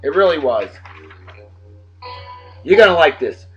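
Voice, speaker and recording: A man hosting a casual video show, giving rowdy, jokey shout-outs that swing between loud bursts and low asides. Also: sing-song, measured pace. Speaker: host of a daily beer and music video show. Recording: dull lo-fi video with music underneath.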